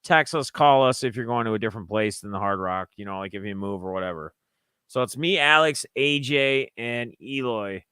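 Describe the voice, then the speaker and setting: A man's voice: medium pitch, normal speed, sharp tone, smooth, no room sound. A young man from Minnesota casually recapping a trip, rambling and acting out his friends' lines in raised voices. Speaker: sports card collector vlogger.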